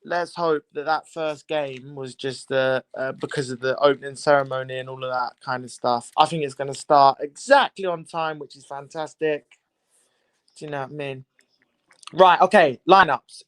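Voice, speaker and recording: A man's voice: on the high side, moderate pace, clear, resonant tone, no echo. A young man hosting a live football watchalong, chatting casually, repeating himself and greeting viewers. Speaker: livestream watchalong host. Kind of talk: casual live commentary chat.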